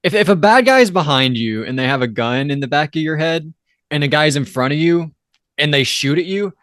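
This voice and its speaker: A man's voice: a little high, animated, a little fast, fairly bright tone, dry recording, clean studio sound. A man co-hosting a casual film review podcast, joking and thinking aloud with hesitant fillers. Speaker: podcast co-host.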